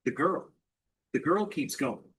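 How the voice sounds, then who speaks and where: A man leads an English lesson as a steady question-and-answer drill. His voice is breathy and a little husky. He asks a simple question, then repeats the answer back clearly. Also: fairly high pitch, slow, poor audio. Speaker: English teacher.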